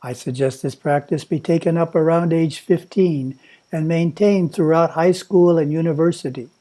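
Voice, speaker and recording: Guy reading a calm spiritual lesson, soft mellow tone, kinda highish, takes his time. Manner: measured, instructive, slow. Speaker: monastery teacher. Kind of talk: prepared spiritual talk read aloud.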